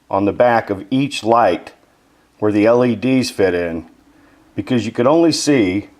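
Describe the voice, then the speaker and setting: Brief: man, hobby workshop narrator, chatty explainer, mid pitch. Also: darkish tone. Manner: chatty, explanatory, self-deprecating. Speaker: model maker.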